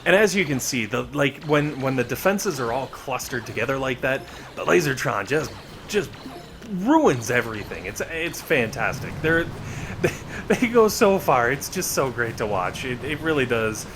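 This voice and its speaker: A man's voice: mid-range voice, big pitch swings, moderate pace, noisy background. A man giving casual, rambling gameplay commentary with joking asides. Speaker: gaming video creator.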